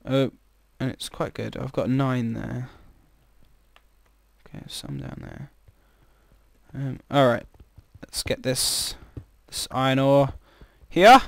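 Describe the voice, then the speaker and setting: A man's voice: medium pitch, slow pace, gravelly, long pauses, no room sound. A man with a chatty, jokey manner, commenting casually on his own gameplay as a let's-play host and reacting with startled exclamations.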